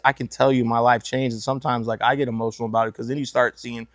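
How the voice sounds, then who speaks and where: A man's voice: medium pitch, little pitch movement, fast talker, no echo. A man hosting a podcast, talking casually and enthusiastically, often saying "man". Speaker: podcast host.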